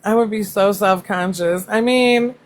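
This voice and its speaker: A woman's voice: mid-range voice, measured pace. Laughing, foul-mouthed woman livestreamer. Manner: laughs often, swears freely, loud joking asides. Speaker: livestream host. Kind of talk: casual live chat reacting to comments.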